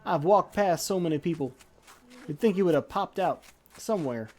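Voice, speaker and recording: A woman's voice: on the low side, expressive, moderate pace, a little mellow, faint music behind. A woman streaming a game live, talking to the characters in a made-up drawling accent with folksy slang, impatient and swearing. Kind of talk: live gameplay commentary.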